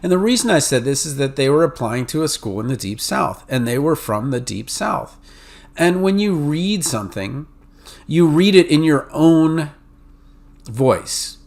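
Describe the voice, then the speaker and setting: A man's voice: a little high, animated, measured pace, gravelly, a little mellow. A man with a New England and Mid-Atlantic accent hosts a podcast, explaining in a casual, conversational way with lots of fillers and restarts. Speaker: podcast host advising pharmacy students.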